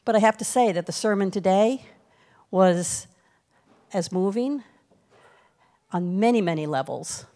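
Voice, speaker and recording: A woman giving a heartfelt farewell speech to a departing minister in a church, in a halting, reflective way. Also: mid-range voice, mellow. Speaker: congregation member giving a tribute. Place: church sanctuary.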